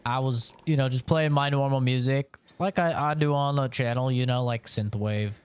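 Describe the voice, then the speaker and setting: A man's voice: mid-range voice, moderate pace, clean tone. A man streaming a video game, rambling through a casual story with lots of fillers and swearing.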